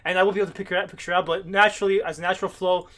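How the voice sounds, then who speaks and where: A man's voice: high-pitched, little pitch movement, very fast, sharp tone. A man co-hosting a comic book podcast, enthusiastic and swearing freely in casual chat. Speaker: podcast co-host.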